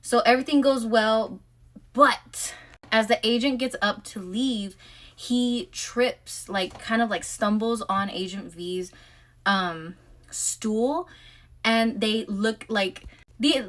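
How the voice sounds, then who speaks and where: A woman's voice: mid-range voice, a bit bright. A woman casually recapping a novel's chapters, chatty and full of filler words. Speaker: book recap vlogger.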